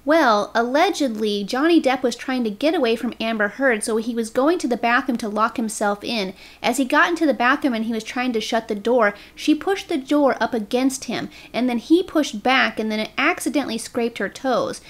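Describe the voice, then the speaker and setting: A woman with a slightly high voice reads a scripted commentary aloud. She narrates as a YouTube commentator and openly takes sides in her remarks. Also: normal speed, few pauses.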